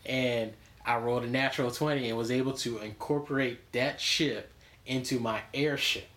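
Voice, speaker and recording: A podcast host chats casually with his co-host, rambling through stories full of fillers and frequent laughs. His voice is mid-range and fairly bright, with fairly even intonation at a normal speed.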